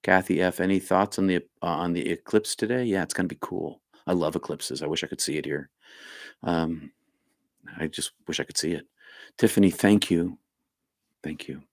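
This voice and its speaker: In a casual live stream, a man with a deep, low voice reads viewer comments and responds, rambling, pausing and restarting as he reflects on spiritual ideas. His sound is close and dry, with no echo or room around him.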